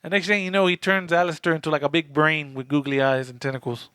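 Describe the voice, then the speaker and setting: A man's voice: a little high, fairly even intonation, quick pace, bright, forceful tone, clean tone, dry recording, clean studio sound. A man co-hosting a podcast, recapping a movie in casual chat, retelling scenes by quoting the characters and swearing. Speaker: podcast co-host.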